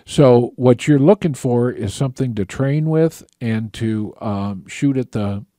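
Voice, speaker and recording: Call-in radio host, male, mellow dark voice, dry close mic, easygoing rambling delivery. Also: medium pitch, measured pace, no room sound. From Michigan. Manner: casual, chatty, many fillers and restarts.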